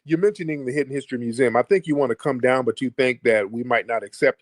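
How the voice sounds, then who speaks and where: A man's voice: medium pitch, fast, few pauses, dry recording. Mocking man hosting a call-in stream. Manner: mocking, taunting callers. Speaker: livestream host. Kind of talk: combative livestream call-in talk.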